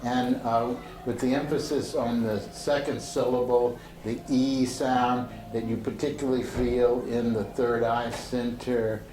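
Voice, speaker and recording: Man, Sufi teacher guiding a group, unhurried halting delivery, roomy echoey room, faint street noise. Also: mid-range voice, level tone, a little mellow. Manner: slow and halting, with many fillers and restarts. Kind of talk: relaxed spoken instruction to a seated group. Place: indoor room with a door to the street.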